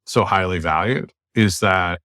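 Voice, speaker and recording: Over a remote call, an American man hosting a podcast makes his case in long, blunt, emphatic stretches of opinionated casual talk. He has a deep voice, pushed and bright, at a measured pace. The sound is clean studio audio with no echo.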